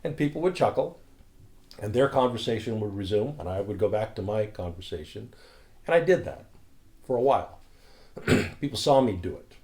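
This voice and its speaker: A man who leads a spiritual community, telling a story in a calm, earnest, reflective way. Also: lowish voice, moderate pace, long pauses.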